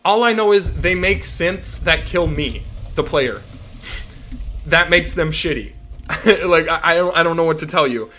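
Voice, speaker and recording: A man's voice: fairly high pitch, expressive, a little slow, bright, forceful tone, a little hiss or hum. A young man streaming a game, rambling and swearing as he rants. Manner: rambling, profane ranting. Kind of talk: casual game chat.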